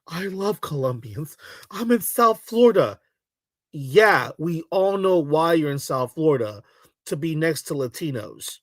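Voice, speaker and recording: A man's voice: on the high side, big pitch swings, measured pace, no room sound, studio quality. A man giving casual reaction commentary in a blunt, mocking, exasperated way.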